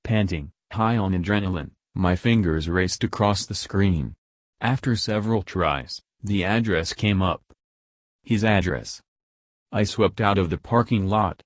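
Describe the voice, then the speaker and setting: A man narrates a creepy first-person story in a low voice. His reading is steady and measured. The sound is close and dry. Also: dry recording.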